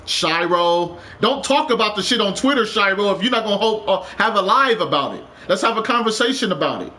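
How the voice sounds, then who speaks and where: Fired-up high-voiced male streamer. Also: expressive, brisk, bright, forceful tone. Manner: impassioned, repetitive, swears, rising to urgent. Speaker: game streamer. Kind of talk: live-stream rant.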